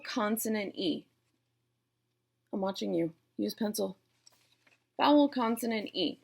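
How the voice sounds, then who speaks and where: In a low-leaning voice that's creaky and slightly rough, a Boston woman teaches syllable types step by step. She has a Boston accent and keeps things playful, talking directly to her viewers as in a classroom.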